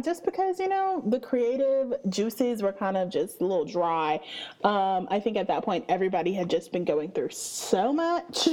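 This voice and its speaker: A young woman in her twenties hosts her own podcast in a loose, chatty way. Her voice is mellow and warm. She pitches in the middle range and often drops in casual fillers. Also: poor audio. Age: 20s. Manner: chatty, upbeat, with frequent fillers and slow stretched greetings. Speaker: podcast host. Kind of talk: casual solo podcast chat.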